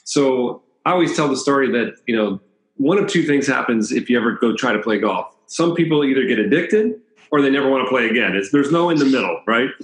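A talkative man from the Washington, D.C. area recounts his past in a relaxed, storytelling way. His voice sits at an ordinary middle pitch. The room adds a noticeable echo. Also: brisk. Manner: chatty, anecdotal, laughs between stories. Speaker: chiropractor. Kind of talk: casual storytelling interview. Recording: roomy echo.

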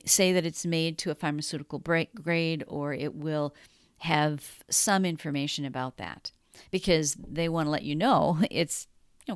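A middle-aged woman hosting a wellness podcast, guiding breathing in a calm, soothing, encouraging way. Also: low voice, clear, resonant tone, no room sound, clean studio sound. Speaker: wellness coach and podcast host. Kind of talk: podcast monologue with guided breathing.

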